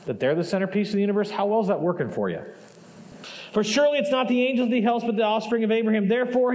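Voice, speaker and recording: A man with a high, light voice preaches to his congregation. He talks to them like friends, asks one question after another, and lets his feeling show as he drives each point home. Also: darkish tone. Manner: impassioned, conversational preaching with rhetorical questions. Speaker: pastor. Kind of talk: sermon. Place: church sanctuary.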